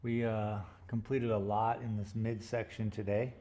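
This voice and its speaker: A man talking casually to his viewers while painting, thinking aloud in an unhurried way. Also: fairly low pitch, level tone, warm tone. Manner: murmured, unhurried thinking aloud, playful sound effects. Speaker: painter streaming live. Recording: faint background noise.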